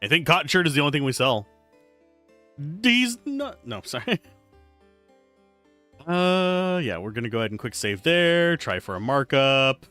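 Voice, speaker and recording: A man's voice: medium pitch, sing-song, normal speed, pauses often, pushed and bright, dry recording, faint music behind. A man streaming a game live, chatting casually and joking while reading game text aloud. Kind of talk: casual live gameplay commentary.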